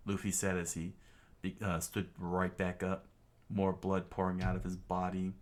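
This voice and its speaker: A man reading a comic aloud in a casual way, halting with restarts and fillers. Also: deep voice, completely flat delivery. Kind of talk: casual comic read-along.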